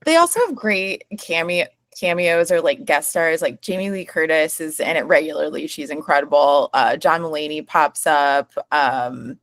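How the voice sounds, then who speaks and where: Female podcast co-host from Chicago, slightly low voice, eager and chatty, dry close recording. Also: moderate pace, few pauses, no room sound. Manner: enthusiastic, filler-heavy. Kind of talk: casual chat.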